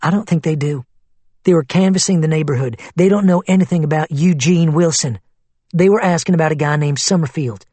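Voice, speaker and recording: A man's voice: fairly high pitch, dark tone, no room sound, close to an everyday voice. A man voicing a worried but skeptical woman in an audiobook, in a level, questioning tone.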